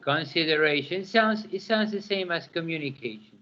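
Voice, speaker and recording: A man's voice: fairly high pitch, a little slow, pushed and bright. A man teaching an English pronunciation lesson, repeating words to model their stress. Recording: dull lo-fi classroom recording.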